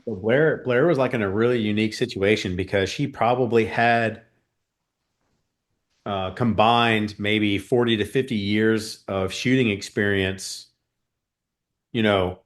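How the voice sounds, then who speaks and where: A man's voice: lowish voice, a little slow. A man speaking as a guest on a podcast, an earnest shooting coach rambling casually with many fillers. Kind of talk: casual interview chat.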